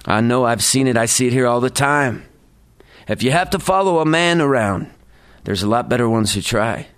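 A man voicing a blunt, caring middle-aged woman nurse who talks in a brisk, no-nonsense way. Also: mid-range voice, expressive, a bit bright, lightly acted. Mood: earnest.

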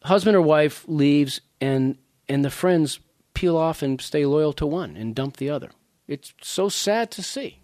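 A man's voice: fairly high pitch, a little slow, no echo, clean studio sound. Chatty man in his sixties at a reading. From Louisiana. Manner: conversational, digressive, animated asides to the audience. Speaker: author at a reading. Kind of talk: casual talk and book reading.

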